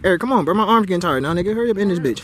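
High, lively man trash-talking on a court. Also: very fast, noisy background. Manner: profane, taunting, repetitive. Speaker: trash-talking basketball player. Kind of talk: mocking trash talk during a one-on-one game. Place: outdoor basketball court. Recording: loud music over the voice. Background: hip hop music.

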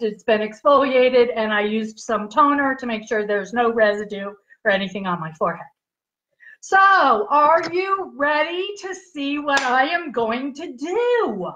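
A woman with a high voice walks viewers slowly through a beauty demo on a live stream. She chats, giggles and keeps checking in with her audience, and the audio sounds dull and lo-fi. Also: a bit bright. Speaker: livestream host demonstrating skincare patches. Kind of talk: casual live product demo.

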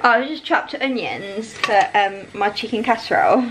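A woman's voice: mid-range voice, lively intonation, moderate pace, background noise. A woman, chatting to the camera at home while doing chores. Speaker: vlogger, mother. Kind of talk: casual vlog chat. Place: family home.

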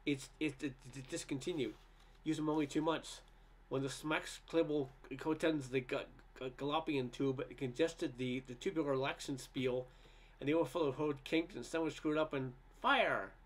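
A man's voice: fairly high pitch, steady tone, natural voice. A man voicing a brusque male washer repairman who rattles off garbled jargon. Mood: offhand. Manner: garbled jargon, slow and offhand.

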